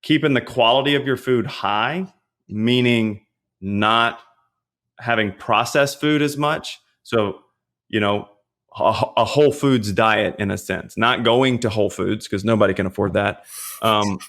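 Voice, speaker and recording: Low-voiced man giving casual fitness advice. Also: a little slow. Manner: relaxed, chatty, frequent fillers and rhetorical checks. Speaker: pastor and fitness trainer, podcast guest.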